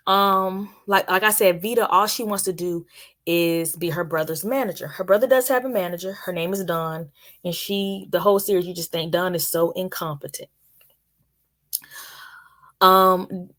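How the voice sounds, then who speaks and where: A woman's voice: mid-range voice, fairly bright tone. A young adult woman giving a casual, chatty spoken review of a TV series and talking straight to her viewers. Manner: chatty, addresses viewers directly.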